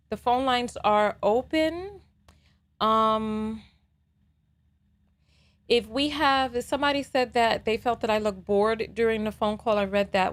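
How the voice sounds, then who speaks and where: With a medium-pitched voice, a woman hosts a live call-in show, casually spinning animated stories and leaning heavily on "you know" and "right?".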